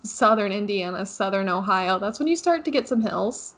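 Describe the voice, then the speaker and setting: A woman's voice: medium pitch, animated, normal speed, fairly bright tone. A young woman co-hosting a podcast, chatting casually with wry jokes and giggles. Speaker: podcast co-host. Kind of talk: casual chat.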